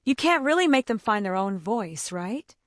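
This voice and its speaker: A woman's voice: mid-range voice, big pitch swings, normal speed, no room sound, clean studio sound. A mother of autistic children giving casual advice, chatty and full of "like", acting out the conversations she describes. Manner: chatty, fills speech with "like", acts out quoted dialogue.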